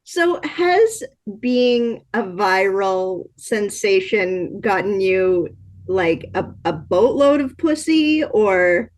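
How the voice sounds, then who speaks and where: A woman's voice: medium pitch, sing-song, very slow. A Canadian woman hosting a casual interview, blunt and teasing with crude jokes. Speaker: host.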